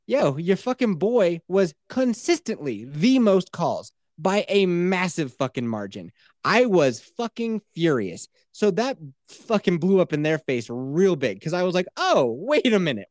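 Animated, profane man telling a story. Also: on the high side, measured pace, dry recording. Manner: animated, profane, laughs often. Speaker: podcast co-host. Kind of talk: casual chat, storytelling.

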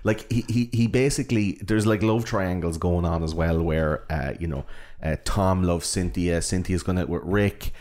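A man's voice: sits low, normal speed. A man co-hosting a podcast, chatting casually and rambling about a film, often acting out lines from it. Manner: rambling, animated quoting of characters. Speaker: podcast co-host.

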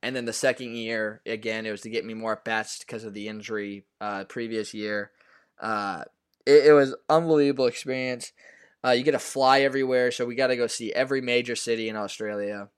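Young man, smooth voice, halting casual talk. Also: medium pitch, fairly even intonation. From US Pacific Northwest. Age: young adult. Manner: halting, full of fillers and restarts. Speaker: baseball player guest. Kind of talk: casual interview.

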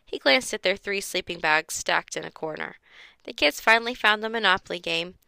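Woman reader, children's book, bright, gravelly, dry close sound. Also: medium pitch, lively intonation, a little fast, dry recording. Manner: acts out character voices. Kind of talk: reading a children's book aloud.

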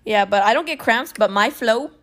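A young woman co-hosting a casual podcast chat, giggly and rambling, breaking into laughter often. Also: fairly high pitch. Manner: giggly, rambling, fast and animated.

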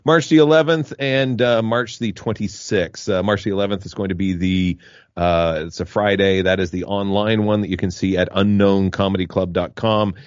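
A man with a low voice co-hosts the podcast, dropping dry asides and plainly running through upcoming shows. The sound is close and dry. It is slightly muffled. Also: steady tone, moderate pace, dry recording. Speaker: comedian and podcast co-host. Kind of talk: casual chat.

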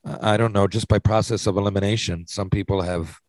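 A man's voice: on the low side, steady tone, brisk, darkish tone, no room sound. A man, chatting casually and answering listener questions, rambling with lots of restarts and blunt swearing. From Newfoundland, Canada. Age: 40s. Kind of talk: casual chat.

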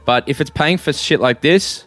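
A man's voice: a little high, normal speed, a bit bright, soft background music. An Australian man co-hosting a podcast from a hotel room, rambling and teasing in casual chat with frequent swearing. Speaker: podcast co-host.

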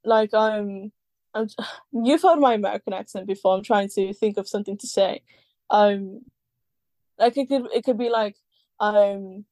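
A woman's voice: medium pitch, unhurried, dark tone, no echo. A woman talking as a podcast guest in casual chat, rambling with many fillers and the odd swear word.

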